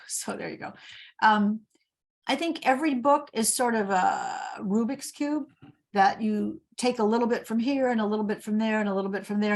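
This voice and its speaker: A woman's voice: fairly high pitch, moderate pace. An older woman from Indiana, a guest author, telling stories in an interview and acting out the dialogue in them. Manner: animated storyteller, acts out quoted dialogue. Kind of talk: storytelling interview.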